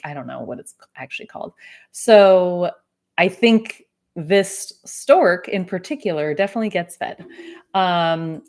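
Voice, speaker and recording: A woman's voice: on the low side, darkish tone. Chatty woman hosting a podcast. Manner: chatty and self-correcting, with light laughter. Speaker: podcast host. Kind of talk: casual solo podcast, reading live comments aloud.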